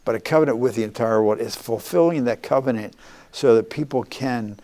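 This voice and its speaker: Older man, earnest interviewee, halting delivery with frequent restarts. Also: medium pitch, darkish tone. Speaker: former congressman, guest.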